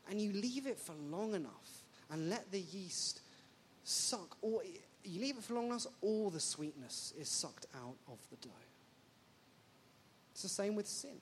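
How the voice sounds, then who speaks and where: A woman from England, preaching a sermon in an animated, jokey way full of rhetorical questions. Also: medium pitch, unhurried, a little hiss or hum.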